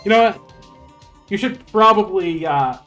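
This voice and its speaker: A man's voice: high voice, animated, unhurried, pushed and bright, faint music behind. A young man livestreaming a game, rambling, laughing and swearing casually. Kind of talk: casual gaming livestream chat.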